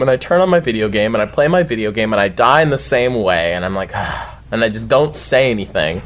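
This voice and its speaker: A man telling a long story as a podcast guest, rambling and swearing freely and shouting the outbursts he quotes. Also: medium pitch, a little hiss or hum. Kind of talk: casual storytelling chat.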